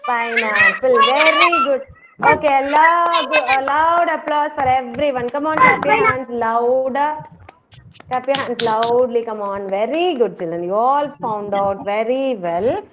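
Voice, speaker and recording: Patient teacher coaxing little kids. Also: female voice, high-pitched. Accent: Indian English. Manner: patient, encouraging, repeats words slowly for children. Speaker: kindergarten teacher. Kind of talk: online class teaching. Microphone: video call. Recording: lo-fi noisy video call audio.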